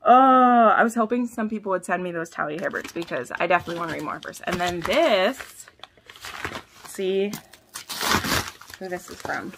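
A young woman vlogging, gushing over packages she has opened, with gasps and sudden squeals that drop back to soft whispers. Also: lowish voice, expressive, normal speed, vocal fry, pauses often, noisy background. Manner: drops to soft whispers between bursts. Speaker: book vlogger. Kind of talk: casual vlog unboxing.

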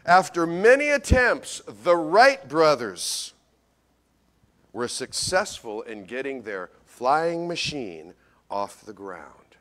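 A male pastor delivers a sermon in a fairly high voice that leaps up and down with lively expression. He is folksy and speaks right to the congregation, moving between loud bursts and hushed asides. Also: slow pace. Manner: animated storyteller, swings from loud to hushed; folksy, addresses congregation directly. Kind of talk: Christmas sermon.

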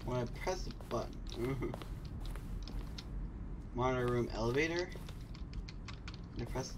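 A young man streaming a game, joking and swearing, with sudden loud outbursts. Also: mid-range voice, normal speed, pauses often, slight background noise. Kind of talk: casual gameplay commentary.

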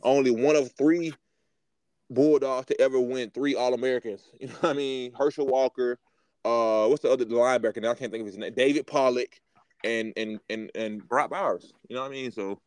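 A man co-hosting a sports podcast, rambling and excitable, full of fillers and restarts. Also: medium pitch, a little fast, no room sound, low-quality recording. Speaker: podcast co-host. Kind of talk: casual sports chat.

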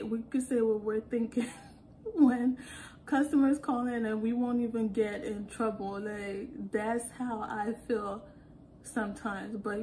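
A young woman telling work stories in an animated, casual way, laughing as she goes. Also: a little high, a little hiss or hum. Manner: animated, acts out quotes, laughs often. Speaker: call center worker. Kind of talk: casual storytelling vlog.

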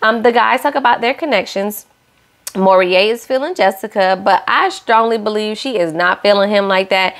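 A woman's voice: mid-range voice, normal speed, fairly bright tone. A young woman hosting a casual reality-show recap, sassy and opinionated, scolding the cast directly.

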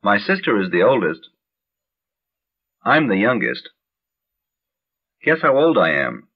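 A man reading English practice phrases slowly and clearly for learners, on a dull lo-fi vintage recording. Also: on the low side, wildly swooping pitch. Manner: measured, carefully enunciated drill reading. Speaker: language teacher.

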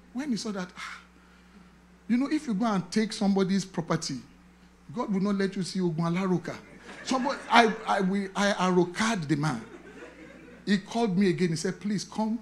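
A man's voice: high voice, a little hiss or hum. A man, a pastor preaching, telling a personal testimony with acted-out dialogue. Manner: animated storytelling, acting out dialogue, chanting affirmations. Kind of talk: sermon testimony.

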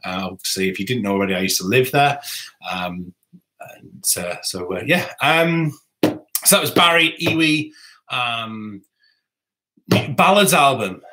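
A man's voice: mid-range voice, pushed and bright. A man hosting a rambling live stream, chatting and answering viewer comments. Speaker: saxophonist and YouTuber host. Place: home music room.

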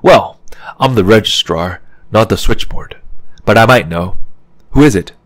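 A man's voice: fairly low pitch, unhurried, no echo. A man voicing a thin, sour middle-aged woman registrar in an audiobook, curt and impatient. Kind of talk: audiobook character reading.

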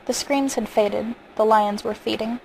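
Calm story reader, woman, raspy fry, faint background hiss. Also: fairly high pitch, a little slow, rough recording. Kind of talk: reading a short story aloud.

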